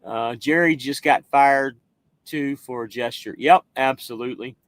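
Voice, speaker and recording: A man's voice: mid-range voice, a little slow, a bit bright, no room sound. An American man hosting a trucking live stream, chatting casually and rambling while he reads viewer comments. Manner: loose, rambling, swears casually. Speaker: trucking livestream host.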